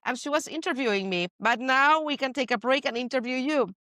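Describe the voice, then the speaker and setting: A woman from Spain with a Spanish accent, hosting a podcast and telling stories in an animated, playful way. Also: high voice, fairly quick, no room sound, clean studio sound. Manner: animated storyteller, playful asides. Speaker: podcast host. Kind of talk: casual chat.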